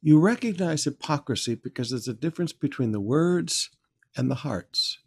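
A man's voice: on the high side, animated, moderate pace, slightly rough. Man preaching a verse-by-verse sermon. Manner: conversational teaching, emphatic when reading scripture. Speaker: pastor.

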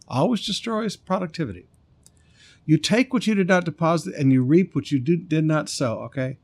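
Brief: male preacher, slightly high voice, punches and stretches key words. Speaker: pastor. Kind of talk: sermon.

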